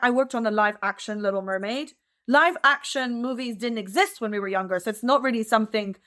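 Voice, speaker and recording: A woman's voice: mid-range voice, a bit bright. A woman in her thirties, a dancer, talking in a chatty, upbeat way as a guest in an interview, often saying "like". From France and the United States. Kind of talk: relaxed interview conversation.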